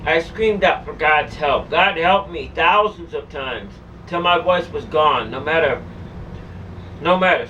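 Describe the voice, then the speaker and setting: A woman telling a harrowing personal story in the first person, in a halting way that keeps repeating and restarting phrases. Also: low-pitched, a bit bright. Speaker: storyteller recounting a personal ordeal. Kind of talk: emotional first-person testimony. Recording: dull distant recording with faint hum.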